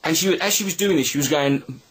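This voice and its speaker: A man telling a personal story in a reflective video monologue, halting and earnest with many restarts. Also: on the high side, a bit bright, husky. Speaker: video blogger.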